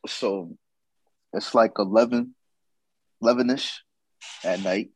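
A man's voice: fairly low pitch, slow, husky, poor audio. A man telling a casual story about a night out, slangy and profane, acting out what others said.

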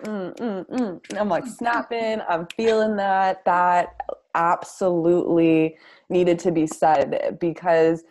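A woman with a somewhat low voice takes part in a casual spiritual conversation. She sounds affirming and reflective, thinking aloud about her own path. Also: steady tone, takes it slowly, darkish tone.

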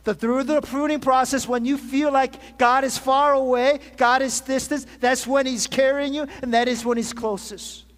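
Pastor guy preaching, high voice, lots of "amen?" asks, big echoey church hall. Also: fairly even intonation, normal speed, hardly any pauses, fairly bright tone. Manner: preaching with call-and-response asides, frequent restarts. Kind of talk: sermon. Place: church sanctuary. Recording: long reverb of a large hall.

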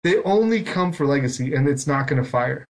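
A man's voice: mid-range voice, animated, brisk. A man hosting a podcast, telling long, rambling, self-mocking stories in casual chat. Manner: rambling, self-mocking storytelling with lots of quoted back-and-forth. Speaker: podcast host.

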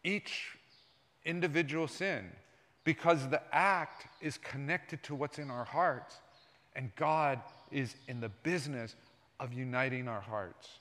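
Pastor, male, mid-pitched voice, conversational sermon with big swings from soft to loud, long hall reverb. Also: takes it slowly. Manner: conversational preaching, jumps between soft and loud. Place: church sanctuary.

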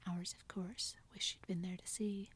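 A woman's voice: on the low side, level tone, normal speed, fairly bright tone, slightly rough. Woman whispering a teasing young joker, whispered role-play. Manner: whispered, theatrical banter. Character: playful teasing young man, tall joker.

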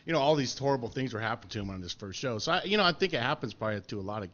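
A man's voice: mid-range voice, expressive, racing, fairly bright tone, dull audio. A man hosting a casual interview, chatty and easygoing, often laughing along and saying dude. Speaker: podcast host.

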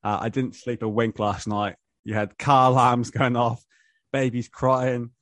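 A man with a New Zealand accent talks in an easygoing, matey way, hosting a football podcast. His voice sits at an ordinary middle pitch. The sound is dry and close, with no room around it. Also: flat delivery, a little slow, fairly bright tone, no echo. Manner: laid-back, matey banter, laughs often. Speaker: podcast host. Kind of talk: casual podcast chat. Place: motel room on a video call.

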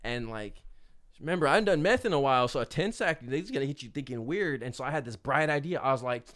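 A man casually telling a story as a podcast guest, animated, swearing and full of fillers. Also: mid-range voice, fast talker.

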